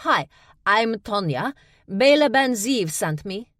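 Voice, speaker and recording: A woman voicing a cheerful young female messenger in an audiobook, high and chirpy. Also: animated, takes it slowly, a bit bright, no room sound, clean studio sound.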